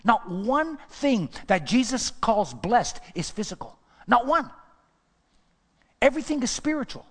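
A man's voice: sits high, in a large hall. A man pastor preaching a sermon with emphatic repetition, sometimes dropping to a whisper. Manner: emphatic preaching, repeats phrases, drops to whispers.

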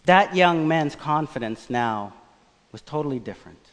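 A man preaching a sermon, telling a personal story in a conversational, animated way. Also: fairly high pitch, normal speed. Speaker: pastor. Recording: long church reverb.

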